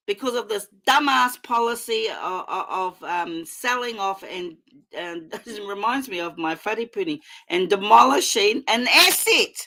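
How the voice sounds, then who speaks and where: A woman's voice: a little high, gravelly, sharp tone. A middle-aged woman with a New Zealand accent, hosting a casual livestream, talking in an impassioned, rambling way full of fillers and restarts into a computer mic. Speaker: livestream host.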